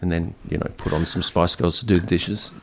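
Gravelly deep-voiced man co-hosting radio. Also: fairly even intonation, a little fast, slight background noise. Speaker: community radio co-host. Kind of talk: casual on-air chat.

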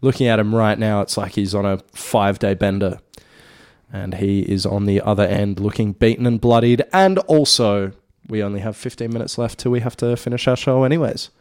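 A man's voice: fairly low pitch, fairly even intonation, a little fast, a little mellow, smooth. A man co-hosting a radio show, bantering casually in a dry, teasing way into a studio mic. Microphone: studio mic with headphones.

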